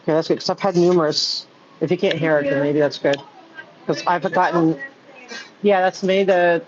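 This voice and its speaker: A person rambles casually during a live stream, leaning on "like" and other fillers and frequently starting over. Their medium-pitched voice is fairly even in intonation and moderately paced, heard through muffled audio with background noise and crowd chatter.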